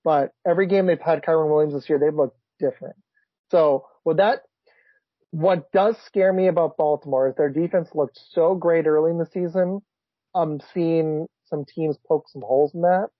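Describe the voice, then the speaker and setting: Male podcast host, husky and a bit high, excitable; dry, dull lo-fi audio. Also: normal speed, no room sound. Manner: excitable, blurts reactions, laughs often. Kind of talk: casual sports chat.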